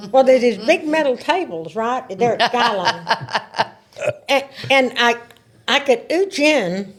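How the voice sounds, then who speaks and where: A woman in her seventies, a podcast guest, telling stories in a casual, animated way, laughing and repeating words as she talks. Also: on the high side, slow, pauses often. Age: 70s. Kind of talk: casual storytelling.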